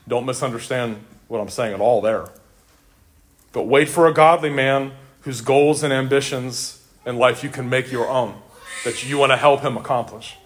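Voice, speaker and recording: A middle-aged man preaching a sermon to a church congregation, earnest and emphatic, often repeating his phrases for weight. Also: mid-range voice. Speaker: pastor.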